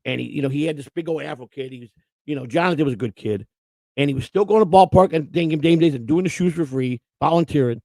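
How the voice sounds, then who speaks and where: Older male host, raised pitch with gravel, rambling storyteller who swears freely and quotes everyone. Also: fast, dark tone, no room sound. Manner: profane, rambling anecdotes with quoted voices. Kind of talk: casual storytelling.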